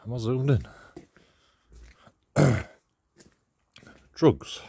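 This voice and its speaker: Husky man joking through a street walk. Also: mid-range voice, big pitch swings, drawn-out words, warm tone. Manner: laughs at his own jokes, mocking. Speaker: vlogger. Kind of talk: casual walking commentary. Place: outdoors on city streets.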